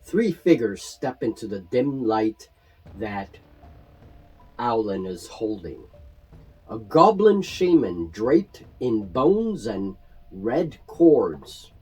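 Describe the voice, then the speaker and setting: A man narrating a tabletop fantasy game as game master, in measured, expressive storytelling. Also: medium pitch, husky, soft background music, low-quality recording.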